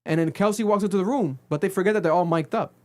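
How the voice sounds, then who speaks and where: A man co-hosting a podcast, recapping a reality show in casual chat and acting out quotes with sudden pitch jumps. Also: quick pace. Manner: animated storytelling, acts out quotes with big pitch jumps. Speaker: podcast co-host. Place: podcast studio.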